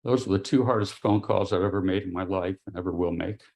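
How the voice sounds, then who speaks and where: Middle-aged man, interview guest, lowish voice, halting, quiet and grave. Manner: halting, with restarts and pauses. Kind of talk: personal testimony.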